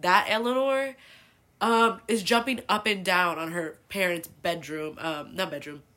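Woman, 20s, from California, podcast host. Confessional, profane, filler-heavy storyteller with a low, bright voice. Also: fairly even intonation, measured pace. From El Sobrante, California.

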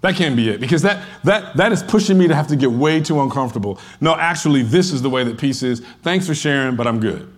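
A man preaching a sermon as a pastor, talking conversationally and acting out the voices of churchgoers, rising at times to emphatic shouts. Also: mid-range voice, expressive, fast talker, few pauses.

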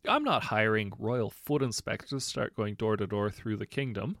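Storybook prince, young, whiny, high and showy, as a male narrator puts him on, lively swings. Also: moderate pace, dry recording, clean studio sound. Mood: melodramatic. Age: 20s.

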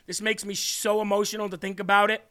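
Earnest high-voiced man hosting a faith podcast. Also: little pitch movement, quick pace, pushed and bright. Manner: earnest, emotional, reads comments aloud. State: tearing up. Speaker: podcast host. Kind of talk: reading live chat on a faith podcast.

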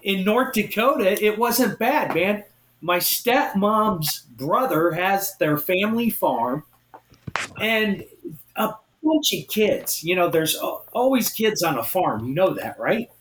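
Podcast co-host, male, lively storyteller, slightly high voice, roomy echo. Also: slow, a little hiss or hum. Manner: animated, acts out quotes of others. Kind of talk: casual storytelling.

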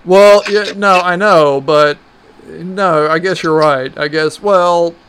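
A man with a slightly high voice and an unhurried, drawn-out delivery, trading crude jokes in casual chat. He rambles, restarts his sentences and laughs often. Faint noise sits under the recording. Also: fairly even intonation, a bit bright.

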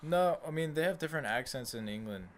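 A man's voice: fairly high pitch, expressive, fast talker. A man in a casual group chat who rambles, restarts his sentences and swears freely.

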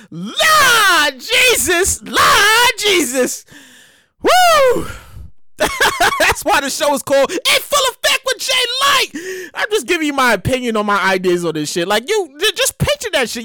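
A man hosting his own comedy show, reacting to odd news stories with loud exclamations, cursing and bursts of laughter. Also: very high-pitched, no room sound. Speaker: podcast host.

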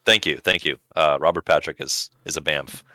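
A man co-hosting a casual podcast, retelling film scenes in an animated, profane, rambling way. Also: a bass voice, normal speed, dry recording, studio quality. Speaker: podcast co-host.

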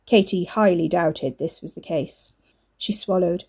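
A woman narrates a dark story in a steady, measured way. Her voice is warm and mellow, with a breathy, husky quality. The recording sounds dull and lo-fi. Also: on the low side.

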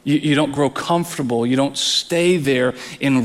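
A man's voice: mid-range voice, normal speed, big-room sound. A man preaching a sermon as pastor, earnest, often repeating words as he presses a point.

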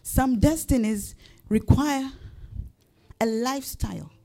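A woman's voice: on the high side, slow pace, creaky, dark tone. A woman pastor preaching a sermon, building up to emphatic rising questions.

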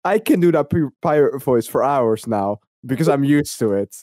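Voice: mid-range voice, lively intonation, moderate pace, warm tone, no room sound, clean studio sound. A speaker in a casual podcast chat, laid-back and amused, explaining things plainly.

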